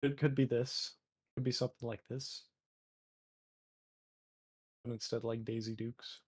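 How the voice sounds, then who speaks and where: A man's voice: mid-range voice, steady tone, measured pace, slightly rough. Rambling Canadian man chatting on stream. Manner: rambling, joking, heavy fillers. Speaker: artist and streamer. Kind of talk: casual chat while drawing.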